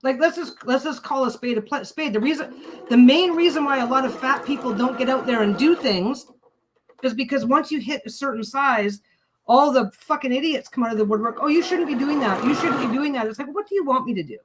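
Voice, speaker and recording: Her voice is high and fairly quick, and the rough recording carries a little hiss or hum. She's hosting a laid-back sewing livestream, ranting with blunt, profane talk.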